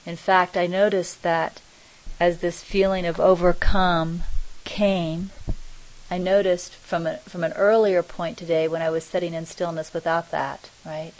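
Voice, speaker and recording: A middle-aged woman giving a reflective spiritual talk, speaking slowly and softly with many pauses. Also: lowish voice, little pitch movement, poor audio. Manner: slow, soft, pausing and searching for words. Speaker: spiritual teacher.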